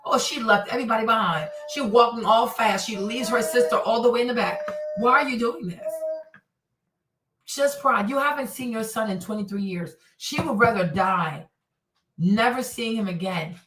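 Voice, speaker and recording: A woman host with a bright, lively voice talks casually to her viewers and acts out quotes as she reacts. Her voice sits a little high and sounds roomy, as if the mic is some way off. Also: moderate pace. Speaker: commentary host. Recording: roomy and slightly distant.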